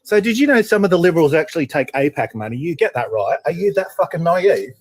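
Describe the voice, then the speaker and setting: A man's voice: fairly high pitch, animated, fast, breathy edge, dry recording. A man in a heated live-stream debate, confrontational and swearing as he interrupts.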